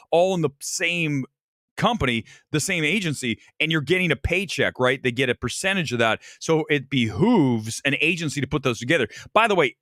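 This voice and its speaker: A man's voice: on the high side, a bit bright, no room sound, clean studio sound. A man from Ohio hosting a casual live-stream film review, opinionated and talking straight to his viewers. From Ohio, USA. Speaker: movie review host.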